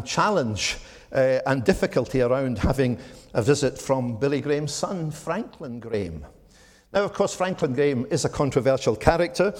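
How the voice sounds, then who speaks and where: A Scottish man in his seventies giving a measured, reflective talk to a church audience, with frequent ums. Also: mid-range voice, darkish tone. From Scotland. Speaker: speaker at a church gathering. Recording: long hall reverb.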